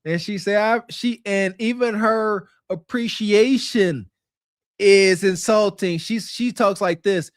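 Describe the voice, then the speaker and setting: High-voiced man mocking with laughs. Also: takes it slowly, dry recording, studio quality. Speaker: co-host reacting to a clip. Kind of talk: casual podcast reaction chat.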